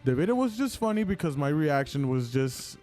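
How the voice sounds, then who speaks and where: A young man on a casual podcast recounts events in an animated rush, leaning on "like" as he goes. His voice sits a little high for a man, with faint music under the talk. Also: brisk. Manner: animated retelling, heavy use of "like". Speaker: podcast co-host. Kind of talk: casual chat.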